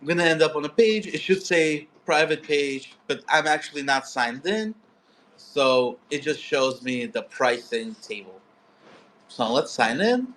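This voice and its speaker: A man's voice: fairly high pitch, lively intonation, a little slow, fairly bright tone, a little hiss or hum. A man walking through a coding setup step by step, teaching live. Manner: explanatory, step-by-step. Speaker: coding instructor. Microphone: phone.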